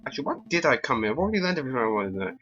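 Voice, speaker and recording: A man giving quiet, mumbled asides while playing a game. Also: medium pitch, very animated, rapid-fire, lo-fi sound. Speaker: let's play host. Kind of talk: casual game commentary.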